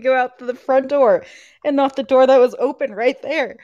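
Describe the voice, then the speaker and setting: A woman's voice: high-pitched, normal speed, darkish tone, dry recording, dull audio. A young woman co-hosting a podcast, chatting casually and laughing often as she talks. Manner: giggly, laughs often while talking. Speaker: podcast co-host. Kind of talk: casual chat.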